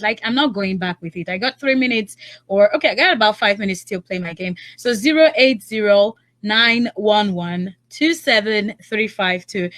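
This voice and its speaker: A young woman with a Nigerian accent runs a live call-in game on the radio, her voice high and bright with a sharp edge. She laughs often and teases callers. She slows right down for the phone numbers. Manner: repeats phone numbers slowly and clearly.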